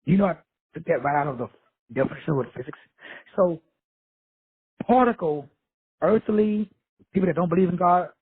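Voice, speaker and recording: A man's voice: a little high, no room sound. A blunt, profane man, from Texas, giving a casual motivational lecture. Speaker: self-help lecturer. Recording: dry tinny phone-like audio, husky voice.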